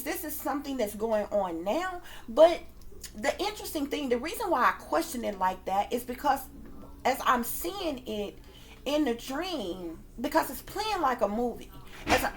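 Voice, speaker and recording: A woman working as a psychic reader, telling her viewers a story in a casual, emphatic way, swearing often and acting out her own reactions. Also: on the high side.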